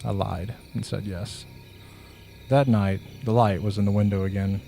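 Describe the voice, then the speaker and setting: A man narrating a first-person horror story in a slow, measured, hushed way. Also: on the low side, fairly even intonation, vocal fry, faint music behind.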